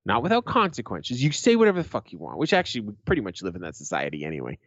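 A middle-aged man with a low voice that swings widely in pitch tells profane stories in an easy, joking way. He is dry and close, with the slightly muffled sound of a lo-fi podcast recording. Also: wildly swooping pitch, rapid-fire, fairly bright tone, no echo. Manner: profane, blunt joking storyteller. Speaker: podcast host. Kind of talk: casual chat.

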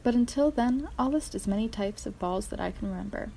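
A woman's voice: on the high side, lively intonation, fairly quick, creaky, warm tone, slight background noise, low-quality recording. A woman podcast host reading a casual outro at home, chatty and easily sidetracked. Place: home with a cat. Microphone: phone.

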